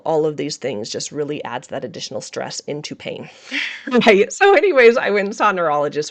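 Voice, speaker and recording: A middle-aged woman hosting a podcast, talking candidly and emotionally about her day in a casual monologue, laughing often. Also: low-pitched. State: emotional, feeling raw. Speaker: podcast host.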